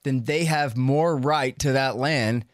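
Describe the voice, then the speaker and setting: A man's voice: mid-range voice, slow pace, no room sound. Male host in a dry room. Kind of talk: conversational interview.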